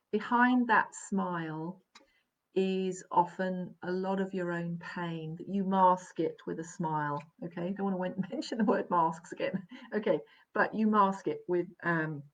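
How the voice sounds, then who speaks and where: A woman giving a live psychic reading, gentle and reassuring, often checking in and laughing softly. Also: mid-range voice. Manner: gentle, reassuring, keeps checking in with "all right?" and "okay?"; laughs softly between sentences. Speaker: psychic medium. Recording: dull, lo-fi live stream audio.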